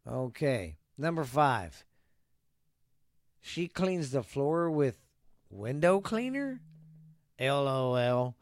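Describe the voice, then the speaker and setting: A man's voice: mid-range voice, clean tone, no echo, clean studio sound. A man hosting a casual solo podcast, talking in a loose, profane, rambling way and slipping into a mock tough-guy ad voice. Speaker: podcast host.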